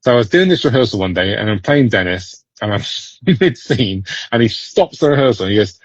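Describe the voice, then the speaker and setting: A man from Britain, a guest actor chatting in an interview, telling animated stories with frequent laughs and restarts. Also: fairly low pitch, brisk, no room sound, muffled recording. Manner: animated storyteller, laughs often, many restarts. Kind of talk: casual interview chat.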